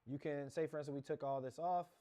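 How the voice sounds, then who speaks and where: A man's voice: fairly high pitch, fairly even intonation, fast, warm tone. Rambling man talking through a screen tutorial. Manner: rambling, self-correcting, talks through clicks. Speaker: course instructor. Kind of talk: casual screen-share tutorial.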